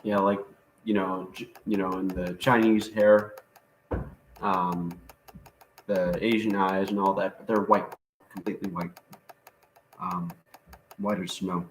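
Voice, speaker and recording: Man, livestream co-host, casual chat, slow, laughing a lot, roomy echo. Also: sits low, little pitch movement, slight background noise. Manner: laughs often, joking, trails off with fillers.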